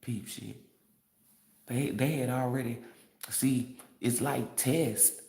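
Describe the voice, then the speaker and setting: A man's voice: medium pitch, fairly even intonation, slow, vocal fry, a little mellow. A man who reads tarot, ranting in a casual livestream in a brash, profane way and laughing often. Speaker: tarot reader. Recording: roomy echo.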